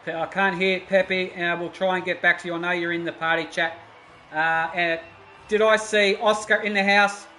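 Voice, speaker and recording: Excitable race commentator. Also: male voice, high-pitched, normal speed, soft background music. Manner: excitable, shouting at the action. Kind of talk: live stream race commentary. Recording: roomy with faint noise.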